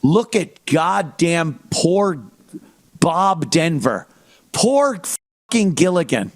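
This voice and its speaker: Brief: mocking comic ranter, man, high and lively voice, unhurried. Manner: mocking, swearing, acts out fan voices. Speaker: comedy podcast host. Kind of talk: profane comedic rant.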